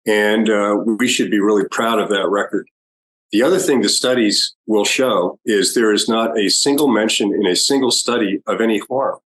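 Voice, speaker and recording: Male podcast guest, low-ish voice, deliberate and argumentative. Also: a bit bright, rough recording. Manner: measured, argumentative, many pauses. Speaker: guest expert. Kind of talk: podcast interview.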